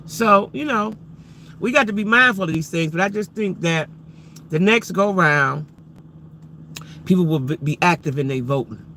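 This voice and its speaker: A livestream host, this man speaks at normal speed in a high, sharp voice, pausing often, with a little hiss or hum present. He chats casually to his audience, hammering points home through repetition and emphasis while firing off rhetorical questions at viewers.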